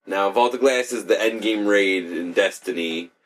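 Low-voiced young man ranting about games. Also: moderate pace. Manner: profane, laughing, rambling storyteller. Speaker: podcast co-host. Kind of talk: casual chat.

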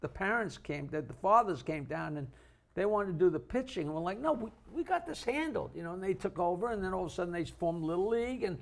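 A man's voice: high voice, quick pace, creaky. An older man from Long Island, co-hosting a casual chat, rambling through stories and laughing partway through them. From Long Island, New York. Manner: rambling storyteller, laughs mid-story, restarts often. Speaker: co-host.

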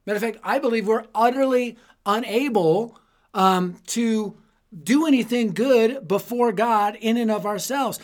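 A man hosting a youth ministry teaching episode, telling stories with animated, dramatic delivery. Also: extremely high pitch, unhurried. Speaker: youth ministry speaker and host. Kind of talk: evangelistic teaching talk with storytelling.

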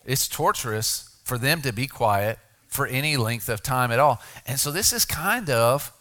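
A middle-aged man preaches in a casual, talk-like manner, using a bright, forward, mid-range voice with lively intonation. He is a pastor, and he turns quiet and deliberate to drive home his main points.

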